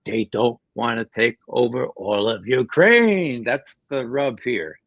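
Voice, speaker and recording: A man with a gravelly, fry-edged voice gives emphatic political commentary as a guest, often doubling back on his words. The sound is dry and somewhat dull, with little room around it. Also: medium pitch, animated, takes it slowly, dry recording. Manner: emphatic, with frequent repeated words and restarts. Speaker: guest analyst.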